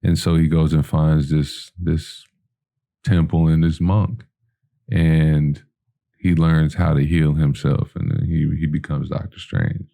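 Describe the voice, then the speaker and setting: Very deep, gravelly-voiced man telling a story. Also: level tone, slow, dark tone. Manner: rambling, full of "you know" and "like", acting out quoted dialogue. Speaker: podcast guest. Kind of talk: casual podcast storytelling.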